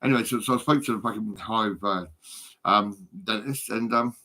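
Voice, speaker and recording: A man's voice: on the low side, moderate pace, sharp tone, slight background noise. A man rambling in casual chat, swearing often, stammering and repeating his words as he tells stories. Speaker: storyteller talking to a friend.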